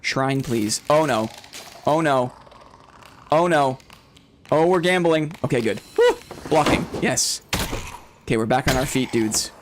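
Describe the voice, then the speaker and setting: A man streaming a game live, chatting with his viewers, thinking out loud, repeating short phrases and getting jumpy and excitable during fights. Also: mid-range voice, unhurried, pauses often, slight background noise. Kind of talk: live gameplay commentary.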